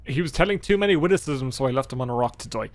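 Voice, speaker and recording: A man's voice: mid-range voice, animated, rapid-fire. A man giving casual, irreverent commentary over gameplay, chatty and swearing a lot. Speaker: gaming video host.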